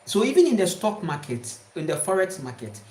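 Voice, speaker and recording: A woman's voice: on the low side, very animated, brisk, darkish tone. A woman giving an emphatic, repetitive spiritual talk to her viewers. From Ghana. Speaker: spiritual speaker. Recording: roomy echo.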